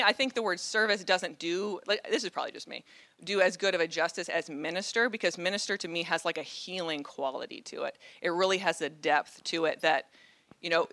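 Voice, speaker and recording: Bright earnest woman preaching. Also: on the low side, no echo. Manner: earnest, conversational, with a dry humor. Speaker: guest speaker. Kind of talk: sermon.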